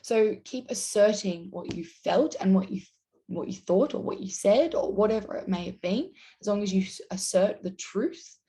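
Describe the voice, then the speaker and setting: A woman's voice: mid-range voice, expressive, normal speed, mellow. A woman giving casual, earnest advice straight to camera, acting out example lines as she explains. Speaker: YouTube host.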